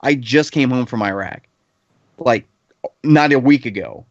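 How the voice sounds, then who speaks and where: A man's voice: medium pitch, a little slow, no echo. A man in his thirties, a podcast panelist telling a heated anecdote in casual chat, swearing freely. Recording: slightly dull lo-fi podcast audio.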